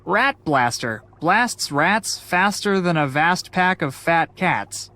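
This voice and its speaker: Kelvin, a wry young assistant. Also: female voice, on the low side, animated, takes it slowly, fairly bright tone. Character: young man, clumsy good-natured lab assistant. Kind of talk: video game voice acting.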